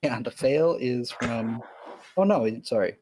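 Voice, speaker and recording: A man's voice: medium pitch, expressive, a little slow, a little mellow, a little hiss or hum. Hesitant man player at a game table. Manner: hesitant, chatty, laughs often. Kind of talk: casual tabletop play.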